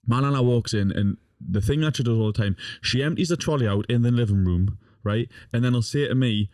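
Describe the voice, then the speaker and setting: A man's voice: medium pitch, brisk, few pauses, a little mellow, no echo, studio quality. A young man, a podcast guest, telling a funny story in casual talk, swearing often and laughing as he goes. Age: young adult.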